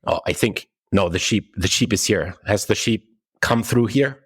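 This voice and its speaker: A man voicing a massive, gruff female orc warrior who makes blunt demands. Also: fairly low pitch, normal speed. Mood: demanding.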